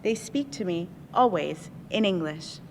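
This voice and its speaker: A woman, an author, reading a passage from her own memoir aloud in a measured, reflective way at a college lecture. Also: animated. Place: lecture hall on a college campus. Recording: echoey hall, faint rumble.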